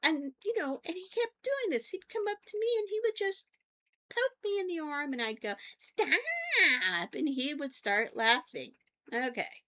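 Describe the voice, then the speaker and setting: Speaking casually to camera on her vlog, an older woman, a therapist by profession, tells chatty stories and keeps checking in with listeners by asking "okay?". Her voice is high, a bit bright and animated, moving at normal speed.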